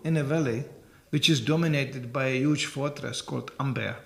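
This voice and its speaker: Older man with a gravelly voice. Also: mid-range voice, normal speed. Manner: animated, chuckling storyteller. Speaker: monk giving a temple lecture. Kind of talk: sermon with storytelling.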